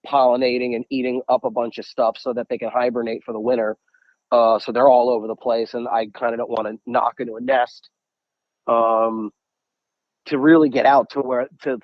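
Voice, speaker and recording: A young man from the United States, a podcast guest, telling anecdotes in a casual, animated way and acting out quotes. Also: mid-range voice, no echo, dull audio. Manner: animated, acts out quotes, many repeated "I'm like". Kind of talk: casual storytelling.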